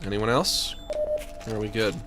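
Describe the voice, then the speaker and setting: A man's voice: on the low side, steady tone, moderate pace, over music. A man streaming a game, rambling through jokey asides as he plays. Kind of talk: casual gaming commentary.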